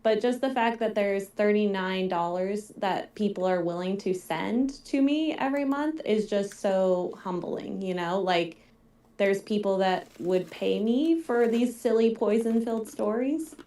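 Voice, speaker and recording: A woman's voice: medium pitch, unhurried, warm tone, roomy sound. A woman who writes scripts, chatting casually on a live Q&A and saying "like" a lot. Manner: chatty, heavy use of "like". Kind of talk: casual chat.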